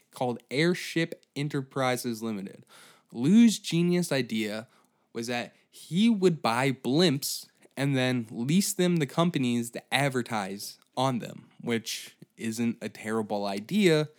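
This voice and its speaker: Guy telling a story on his comedy podcast, swears a lot, rambly and sarcastic, normal-pitched voice. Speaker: podcast host.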